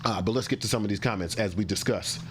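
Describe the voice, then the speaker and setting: A man's voice: lowish voice, fast, a little hiss or hum. A man hosting a casual morning talk show, riffing and joking.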